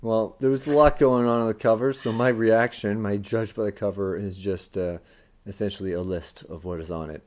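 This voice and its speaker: A deep-voiced American man co-hosts a podcast in loose, casual conversation. He rambles and thinks aloud, filling pauses with uhs as he lists things off. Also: fairly even intonation, a little mellow. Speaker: podcast co-host. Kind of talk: casual chat.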